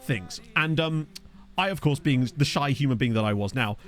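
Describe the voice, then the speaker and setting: A man's voice: mid-range voice, moderate pace, fairly bright tone, soft background music. A young man, streaming a football management game and chatting to viewers in a rambling, self-mocking way. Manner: rambling, self-mocking storyteller with frequent laughs. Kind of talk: casual gameplay chat with chat readers. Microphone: desktop USB mic.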